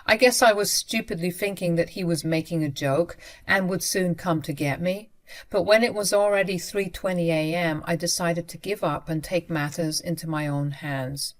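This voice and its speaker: A woman's voice: fairly low pitch, moderate pace. A young adult woman narrating a first-person story in a conversational way, speaking directly to her listeners.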